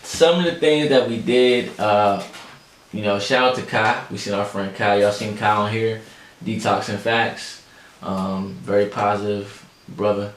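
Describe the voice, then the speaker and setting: Low-voiced man telling a story. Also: unhurried. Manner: animated, chatty, addresses listeners as y'all. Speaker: podcast host. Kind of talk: casual storytelling chat. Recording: echoey room, faint background noise.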